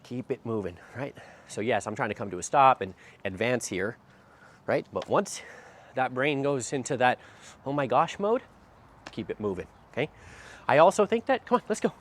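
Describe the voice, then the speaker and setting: Out by a street with faint background noise, a dog trainer walks a dog and explains, punctuating short phrases with "right?". His mid-range voice is expressive and moves at normal speed.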